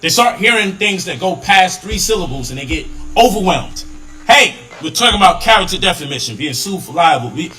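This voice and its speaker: Man, higher voice, very lively pitch, emphatic lecturing commentary for a live stream. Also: a little fast, soft background music, low-quality recording.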